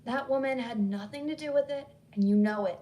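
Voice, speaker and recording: A woman voicing an insistent Southern woman with a Southern accent, who stays calm while she presses hard. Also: fairly high pitch, fairly quick, recorded from a distance, dull audio, a little hiss or hum, lightly acted. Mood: urgent, insistent. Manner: calm but pressing, pleading.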